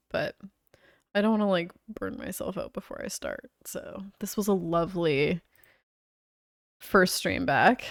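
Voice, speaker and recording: A woman's voice: on the low side, creaky, no echo, studio quality. A young woman streamer chatting casually and relaxedly, with lots of "like" fillers. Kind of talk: casual livestream chat.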